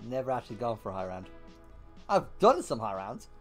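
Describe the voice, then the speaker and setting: Brisk and medium-pitched, this young streamer recounts rowdy tales as he plays, cursing casually and laughing loudly. Soft background music runs underneath.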